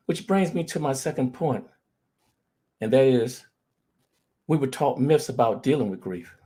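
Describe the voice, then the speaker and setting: A man's voice: medium pitch, expressive, a little slow, pauses often, dark tone, slightly rough. A middle-aged man, a grief recovery specialist, telling personal stories in an earnest motivational talk. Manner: earnest storytelling, addresses audience directly.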